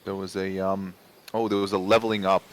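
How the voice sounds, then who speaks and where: Low-voiced man at the game table, tentative, faint noise. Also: flat delivery, brisk, poor audio. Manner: unsure, checks the rulebook. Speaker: player. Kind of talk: casual tabletop chat.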